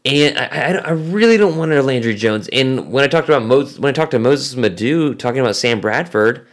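Animated male sports podcast co-host. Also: mid-range voice, fairly quick. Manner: animated, many fillers. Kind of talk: casual sports chat.

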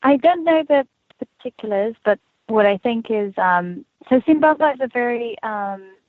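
A woman's voice: on the high side, expressive, a little slow, no echo. A chatty woman from South Africa comes through a tinny, phone-like line, with a dry sound and no room around her. She laughs often and restarts her sentences as she talks through her work as an actress. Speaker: actress guest. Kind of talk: casual interview chat.

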